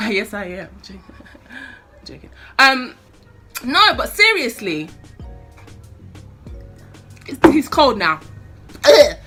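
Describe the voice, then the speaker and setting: A woman's voice: on the high side, big pitch swings, very slow, long pauses, bright, forceful tone, husky, faint music behind. A young woman vlogger delivering an impassioned, swearing rant to camera, getting more fired up as she talks. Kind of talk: casual opinion rant to camera.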